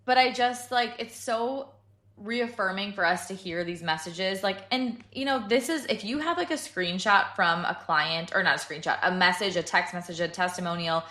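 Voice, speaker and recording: A woman's voice: mid-range voice, normal speed, sharp tone. A woman co-hosting a podcast in casual chat, rambling with lots of fillers. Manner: chatty, rambling with many fillers. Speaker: podcast co-host. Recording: echoey room.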